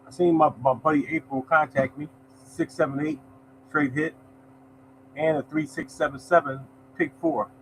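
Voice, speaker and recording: A man's voice: a little high, fairly even intonation, normal speed, pauses often, a bit bright, a little hiss or hum, rough recording. Chatty man, "y'all" every line. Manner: chatty, greets viewers by name, says "y'all" often. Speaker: lottery show host. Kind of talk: casual live-stream chat, reading results.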